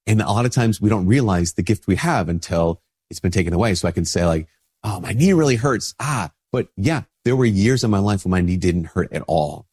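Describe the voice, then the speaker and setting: Husky-voiced priest with a cold. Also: male voice, low-pitched, brisk, few pauses, darkish tone. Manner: conversational, informal, with many restarts and "like". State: sick with a stuffy nose. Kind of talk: casual spoken reflection.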